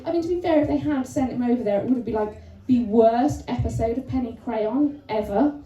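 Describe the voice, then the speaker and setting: Woman comic on stage, high bouncy voice, mellow tone, roomy club sound from a ways off. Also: fairly quick, dull audio. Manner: chatty, self-mocking, lively delivery. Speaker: stand-up comedian. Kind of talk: stand-up comedy set. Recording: roomy venue sound, from a distance.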